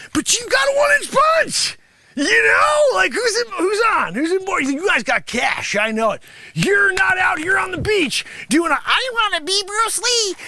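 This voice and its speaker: A man playing a brash, greedy male martial arts sensei in an improvised comedy bit, boasting and berating his students with loud shouted bursts. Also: extremely high pitch, no room sound, heavily acted. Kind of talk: improvised comedy character monologue.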